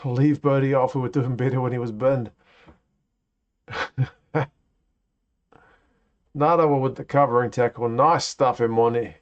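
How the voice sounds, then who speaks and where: Commenting casually on a live rugby match, a male streamer reacts to the play and says hello to viewers between plays. He speaks at an ordinary middle pitch for a man, fairly evenly and unhurriedly, with long pauses, over dull lo-fi audio.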